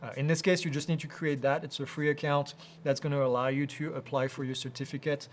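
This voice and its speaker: A man hosting a live Q&A, reading out viewer questions and answering them in a casual, halting way with many fillers. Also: a little high, little pitch movement, a little hiss or hum. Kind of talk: live Q&A chat.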